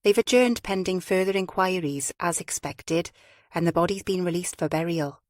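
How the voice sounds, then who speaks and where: A woman's voice: lowish voice, moderate pace, dry recording, studio quality, natural voice. A woman voicing a middle-aged male chief inspector who speaks tersely and matter-of-factly. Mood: curt.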